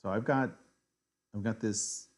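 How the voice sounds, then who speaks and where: Streaming a live chess game, a man thinks aloud as he weighs his moves. His voice is fairly low and a little slow, and he sounds analytical, muttering and correcting himself as he goes.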